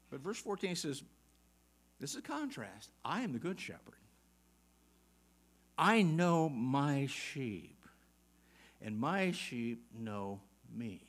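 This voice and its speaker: A man's voice: fairly high pitch, a bit bright. A man preaching a sermon, reading scripture aloud and putting pointed questions to his listeners, with occasional chuckles. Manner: emphatic, asks the congregation rapid questions, reads scripture aloud.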